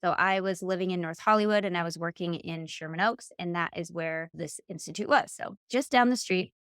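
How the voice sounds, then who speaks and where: Podcast guest, woman, late 30s, lively storyteller who acts out quotes, dry close mic. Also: on the low side, fairly quick, clean tone, no room sound. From Michigan. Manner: animated, acts out quoted dialogue. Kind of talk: casual storytelling.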